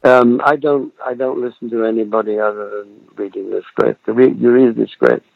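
Gravelly elderly man, muffled and dry. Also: medium pitch, fairly even intonation, moderate pace, no room sound. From Britain. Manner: reflective storyteller, chuckles often, trails off mid-thought. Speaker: actor guest. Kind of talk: relaxed interview over a remote call.

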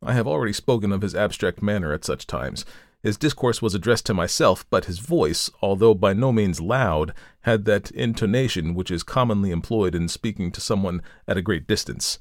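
Man, audiobook narrator, formal steady storytelling, somewhat low voice, dry recording. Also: moderate pace, dry recording. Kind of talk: audiobook narration of a classic tale.

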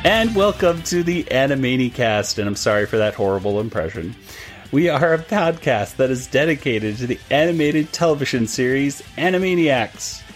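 A man's voice: mid-range voice, animated, moderate pace, soft background music. A man hosting a cartoon podcast, chatting casually, laughing often and rambling with fillers. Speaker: podcast host.

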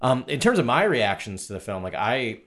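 A man's voice: medium pitch, very animated, normal speed, fairly bright tone. A man co-hosting a podcast, talking about a film in a reflective, conversational way and often checking in with "right?". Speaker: podcast co-host. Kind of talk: casual film discussion.

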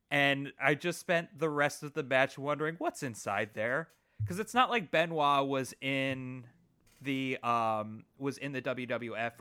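A man's voice: medium pitch, bright, forceful tone, clean tone. A man co-hosting a casual podcast, joking and then reading out the show's sign-off. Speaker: podcast co-host.

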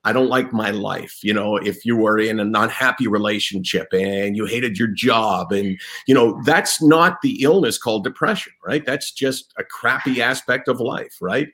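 A man's voice: lowish voice, moderate pace, hardly any pauses, a bit bright. A man interviewing a guest, speaking in an earnest, emphatic, explanatory way. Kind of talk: conversational interview.

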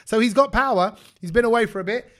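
A man hosting a casual podcast chat, telling stories in an animated way with quick restarts. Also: high voice. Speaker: podcast host.

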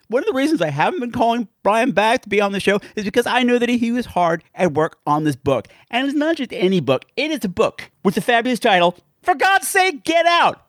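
A man's voice: high voice, no echo, studio quality. A man hosting a podcast with a theatrical, campy showman delivery. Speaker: podcast host.

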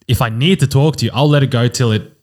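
A man's voice: medium pitch, quick pace, darkish tone. A man, co-hosting a podcast with joking banter and acting out the phone calls he describes. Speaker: podcast co-host. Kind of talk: casual chat.

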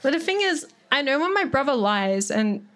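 A woman's voice: high-pitched, sing-song, normal speed, a bit bright. A young woman telling a rambling comic story on stage, loose and sweary, packed with "like" and her own laughter. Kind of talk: casual stand-up storytelling. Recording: live audience laughing. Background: audience laughter.

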